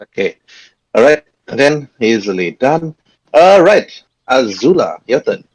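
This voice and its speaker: A man running a tabletop game as game master, talking in a halting way with frequent chuckles. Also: medium pitch, big pitch swings, a little hiss or hum, poor audio.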